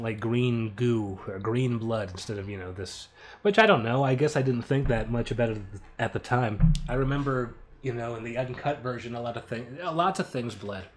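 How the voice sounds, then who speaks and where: A young man with a mid-range voice offers casual commentary on an animation he made himself. He's offhand and self-mocking, laughing and swearing often.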